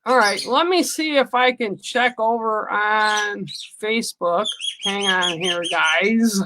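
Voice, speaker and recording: A woman doing spiritual card readings on a livestream, talking slowly with many ums and pauses. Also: medium pitch, background noise. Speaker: livestream psychic reader.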